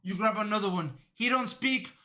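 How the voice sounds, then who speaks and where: A man streaming a reaction video, riffing in an excitable, rambling, goofy way. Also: high voice, moderate pace.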